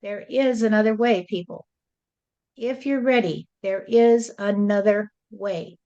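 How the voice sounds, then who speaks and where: Slow, mellow woman in sing-song rhyme. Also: mid-range voice, muffled recording. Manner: slow, rhyming, sing-song preaching delivery. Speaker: spirit medium channeling a spirit. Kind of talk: channeled spiritual address.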